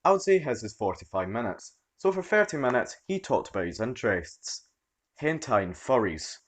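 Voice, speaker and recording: A man reading a story aloud as its narrator, in an expressive storytelling manner. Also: mid-range voice, normal speed. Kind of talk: scripted narration.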